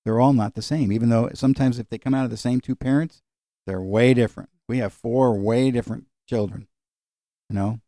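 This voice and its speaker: A man's voice: medium pitch, steady tone, fairly quick, dark tone, dry recording, clean studio sound. A middle-aged man leading an informal Bible study, talking in a conversational, digressive way with fillers and chuckles. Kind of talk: informal Bible teaching with personal stories.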